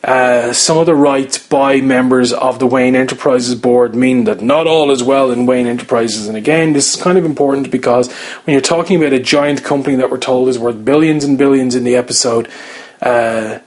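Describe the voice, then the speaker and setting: A man talks through his review of a TV episode in a loose, rambling way. He keeps stopping and restarting with plenty of fillers while he airs his opinions. His voice sits at an ordinary middle pitch. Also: steady tone, moderate pace, a little mellow. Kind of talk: casual spoken review.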